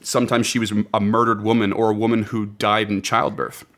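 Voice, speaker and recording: Male podcast host, lower register, casual and enthusiastic, laughs easily. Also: little pitch movement, a little fast, a bit bright. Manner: reads out folklore notes with enthusiasm; laughs often.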